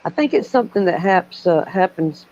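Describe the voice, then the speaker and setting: A woman's voice: lowish voice, animated, normal speed, a little mellow. Brief: older woman, chatty livestream co-host, dull muffled audio with faint noise. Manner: chatty, laughs easily. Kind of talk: casual livestream chat.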